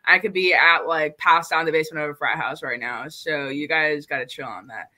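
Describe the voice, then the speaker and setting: A young woman chats casually as a guest on a stream, peppering her talk with "like". Her voice is bright and forceful. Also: low voice, fairly quick. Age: young adult. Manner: casual, filler-heavy, uses "like" a lot. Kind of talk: casual chat.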